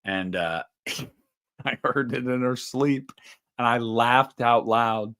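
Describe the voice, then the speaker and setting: A man's voice: medium pitch, slow pace, a bit bright, clean tone. A man in his thirties hosting a livestream, chatting casually in a rambling, profane and joking way. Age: 30s. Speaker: livestream host.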